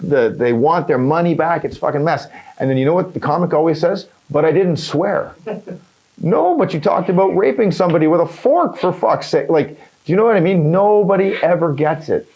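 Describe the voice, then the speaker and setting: A man's voice: fairly high pitch, lively intonation, normal speed, a little mellow, poor audio. A man who is a stand-up comic, talking bluntly and swearing in an interview. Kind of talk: interview talk.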